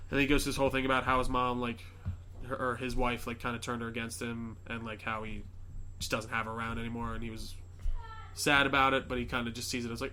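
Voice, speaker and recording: A male podcast host rattles off a movie plot fast in a bright, forceful, medium-pitched voice with a steady tone, and a little hiss or hum is audible. He rambles casually, quotes characters, and throws in many fillers and swear words.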